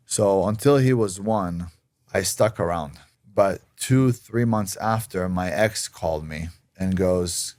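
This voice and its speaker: A man with a very deep voice recounts a personal story on a podcast, often jumping into a high mimicking voice to act out others. The sound is dry and close, with no room behind it. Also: unhurried, dry recording. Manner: excitable, acts out others' lines in a high voice. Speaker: podcast guest telling his story.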